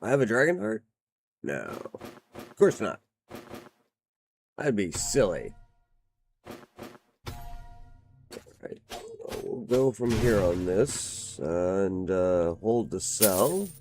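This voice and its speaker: Man, low voice, slightly out of breath, casual gameplay commentary, reads game text aloud, faint music behind. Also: sing-song, extremely slow, long pauses, warm tone. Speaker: game reviewer playing on stream.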